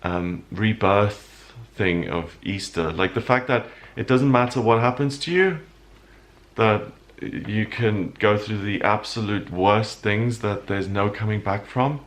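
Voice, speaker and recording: A man with a somewhat low voice delivers his weekly horoscope. He speaks with earnest, animated feeling and sometimes grows openly emotional. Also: takes it slowly. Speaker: astrologer host.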